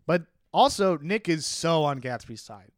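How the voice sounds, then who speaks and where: A man in easy conversation about a novel, reading lines aloud and then breaking into animated commentary. His voice sits a little high for a man and comes through smooth and clear. The sound is dry and close to the mic. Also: a little slow, no room sound. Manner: animated, laughs often, reads passages aloud then riffs. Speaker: podcast co-host discussing a novel. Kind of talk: casual book discussion with read-aloud passages.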